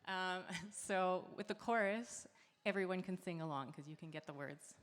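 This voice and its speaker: A woman performer talking casually to an audience at a community celebration, relaxed and friendly, with many filler words. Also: on the low side, moderate pace. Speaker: singer and performer. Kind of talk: chatty stage introduction to an audience. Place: large hall at a community celebration. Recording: live hall sound with long reverb.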